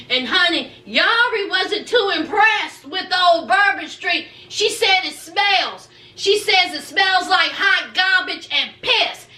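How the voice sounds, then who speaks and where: A woman's voice: very high voice, bright, forceful tone, roomy sound. A woman doing a sassy casual recap of a reality show, drawling and calling her listeners honey and child. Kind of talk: animated casual recap with acted quotes.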